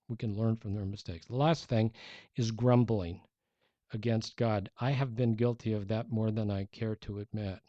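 A man preaching a sermon as a pastor, conversational and animated, acting out the people he quotes. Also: on the low side, no echo, highs cut off.

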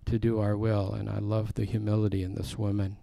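A man's voice: fairly low pitch, monotone, a little fast, creaky, mellow, no room sound. Conversational male Bible teacher, dry sound. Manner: conversational, explains words, asks the audience questions.

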